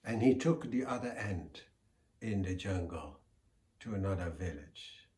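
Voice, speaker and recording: A man telling a folk tale in a slow, deliberate, expressive way. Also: low voice. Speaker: storyteller. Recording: echoey room.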